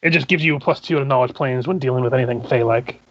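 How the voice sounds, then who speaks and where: A man serving as game master who narrates a tabletop game, describing scenes in a halting, methodical way. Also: mid-range voice, a bit bright, dull audio, a little hiss or hum.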